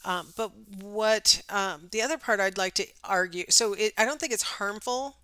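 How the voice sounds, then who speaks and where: A woman's voice: mid-range voice, normal speed, pushed and bright, clear, resonant tone, no room sound. A middle-aged woman teaching a recorded psychology lecture in a chatty way, with many ums and rhetorical questions. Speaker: psychology instructor.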